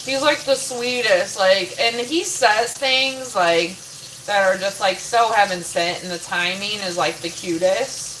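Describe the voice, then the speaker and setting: A woman's voice: medium pitch, unhurried, fairly bright tone, slight background noise, poor audio. A woman casually chatting with her viewers in her home kitchen, rambling, full of "like" and casual swearing. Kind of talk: casual chat. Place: home kitchen, doing chores.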